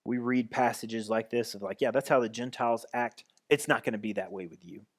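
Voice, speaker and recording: A man's voice: medium pitch, fairly quick. A man pastor giving a conversational sermon, restarting and repeating phrases as he goes.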